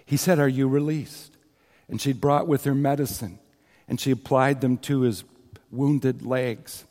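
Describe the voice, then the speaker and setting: A man's voice: medium pitch, fairly even intonation, unhurried, a little mellow. A man preaching a sermon, earnestly retelling a story with quoted scripture and asides to the congregation. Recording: long hall reverb.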